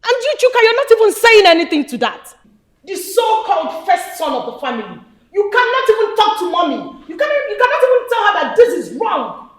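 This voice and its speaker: A high, lively voice belongs to a woman playing a Nigerian daughter in a film drama. She scolds her family sharply and with indignation, her pitch leaping as she speaks. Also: a little fast. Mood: furious.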